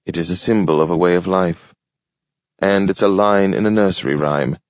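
Vecchio robot maschio, stanco, parla piano e con gravità, letto da un uomo, voce profonda, audio spento. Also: male voice, sits low, no room sound, lightly acted. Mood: grave. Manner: slow, grave and grating. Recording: dull lo-fi audio.

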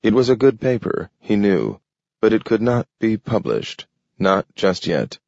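A man narrating a science fiction story in a measured, even way. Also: on the low side, vocal fry, no room sound. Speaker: audiobook narrator. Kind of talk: scripted narration. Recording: dull lo-fi dry recording.

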